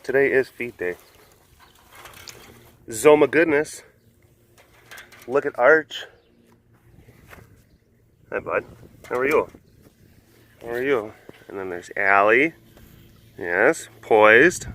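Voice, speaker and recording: A man hosting a casual vlog outdoors at an animal compound, rambling playfully with lots of fillers and cooing softly at the animals. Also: mid-range voice, very animated, slow, pauses often. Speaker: host.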